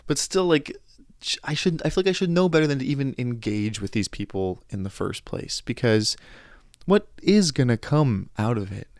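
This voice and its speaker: A young adult man hosting a podcast, telling anecdotes in a casual monologue, animated, quoting others and restarting his sentences. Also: mid-range voice, normal speed, dry recording, studio quality. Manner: animated storytelling, quoting others, frustrated asides, frequent restarts. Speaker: podcast host.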